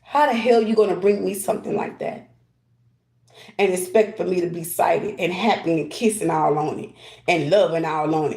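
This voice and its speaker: This time her voice sits lower and a little mellow, at a moderate pace, captured in a rough, reverberant recording. She keeps up the blunt, casual get-ready-with-me chatter, giving spiritual readings and saying things twice to drive them home.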